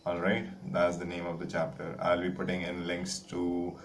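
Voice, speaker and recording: A man's voice: sits low, completely flat delivery, normal speed, slight background noise. A young man, teaching a literature lesson in a rambling, casual way full of "like" and "uh". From India. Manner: chatty, rambling, frequent "like" and "uh" fillers. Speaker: English teacher.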